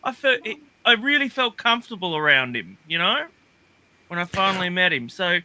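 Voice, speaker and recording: A man's voice: sits high, very animated, fairly quick, bright, forceful tone, slight background noise. A man on a livestream, chatting casually and rambling with many fillers and restarts. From Australia. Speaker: guest. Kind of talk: casual chat. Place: livestream call.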